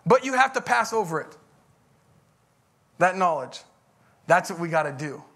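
A man's voice: sits high, very animated, normal speed, fairly bright tone. A middle-aged man, a pastor, preaching a conversational sermon that rises into emphatic bursts.

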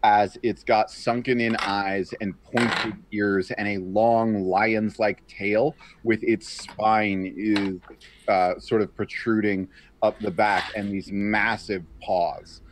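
A man playing a tabletop game, describing his character's actions in a slow, laid-back way. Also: lowish voice, flat delivery, background noise. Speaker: player. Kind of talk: casual tabletop play.

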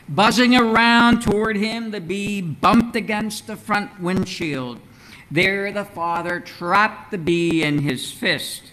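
A man preaching a sermon as pastor in a church, in a measured, earnest way with rhetorical questions. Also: on the high side, pushed and bright, low-quality recording. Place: church sanctuary.

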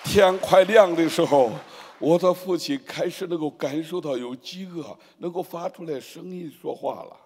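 A man's voice: fairly high pitch, moderate pace, darkish tone, breathy edge. A man preaching a testimony with fervent, rising exclamations, in a large church hall. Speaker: guest preacher. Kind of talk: preaching in Chinese with interpreter. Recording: long church reverb.

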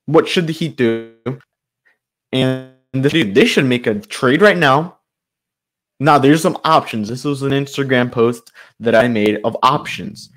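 A man's voice: mid-range voice, a little slow, fairly bright tone. Male sports channel host, mid-range voice, exasperated improvised fan rant. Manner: frustrated, ranting, loosely improvised with fillers. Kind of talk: solo sports commentary rant.

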